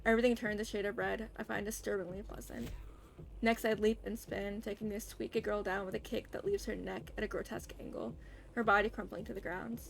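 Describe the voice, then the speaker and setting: A woman's voice: mid-range voice, fairly even intonation, brisk, creaky, slight background noise. A young woman streaming a game, reading the story aloud in first person and dropping casual asides.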